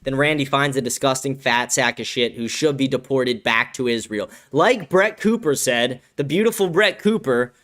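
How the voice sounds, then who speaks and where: A man's voice: mid-range voice, moderate pace, few pauses, fairly bright tone. Angry ranting male stream host. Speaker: show host. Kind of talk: live-stream political commentary.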